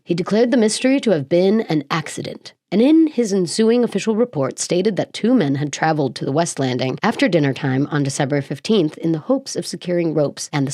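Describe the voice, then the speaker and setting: A woman podcast host reading a mystery script aloud and breaking off into jokey, animated asides full of quick self-interruptions. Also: low voice, no echo, studio quality.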